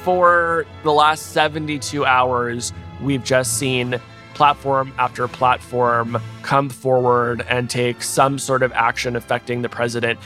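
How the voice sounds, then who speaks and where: A man's voice: mid-range voice, flat delivery, sharp tone, soft background music. Man explaining as a podcast guest. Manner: measured, explanatory, with fillers. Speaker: tech journalist guest. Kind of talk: explanatory interview.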